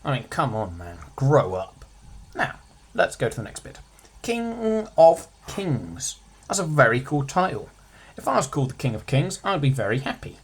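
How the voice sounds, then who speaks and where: A man's voice: mid-range voice, sing-song, quick pace, fairly bright tone, slightly rough. A man giving a casual revision lesson as a tutor, chatty, with jokey asides, stressing single words.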